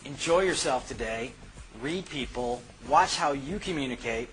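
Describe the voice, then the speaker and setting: A man giving a scripted leadership lesson in a measured, instructive way. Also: medium pitch, animated, fairly bright tone, a little hiss or hum, low-quality recording. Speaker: host giving daily leadership tips. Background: music.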